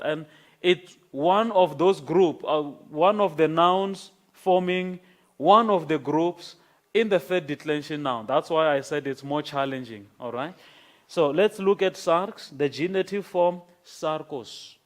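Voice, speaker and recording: A man gives a classroom lecture at a slow, deliberate pace. His voice sits a little high for a man. He repeats key words and keeps checking in with "okay?" as he teaches. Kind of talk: classroom lecture on Greek grammar.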